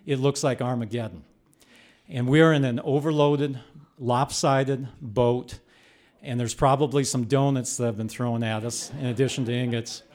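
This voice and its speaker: Older male storyteller, live stage delivery, animated and punchy, medium voice. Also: mid-range voice, normal speed. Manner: animated, rising to shouts when reliving the chaos.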